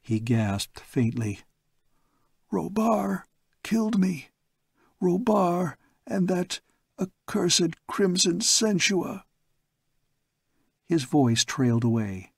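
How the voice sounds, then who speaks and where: Male audiobook narrator, slow measured delivery, dry close sound. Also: mid-range voice, darkish tone, dry recording. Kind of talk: storybook reading.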